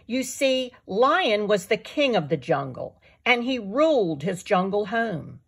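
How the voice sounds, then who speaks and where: Author reading her kids' book aloud: slow, animated, breathy woman. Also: medium pitch. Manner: slow, expressive storytelling. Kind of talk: storybook read-aloud for young children.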